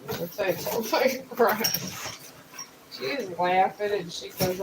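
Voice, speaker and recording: A slow-talking streamer who rambles while painting on a live stream and explains each material as they go. The delivery is unhurried and drifts from thought to thought. A steady wash of noise sits behind the voice. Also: mid-range voice. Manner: rambling, thinks aloud while working; explains art materials step by step. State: just woke up.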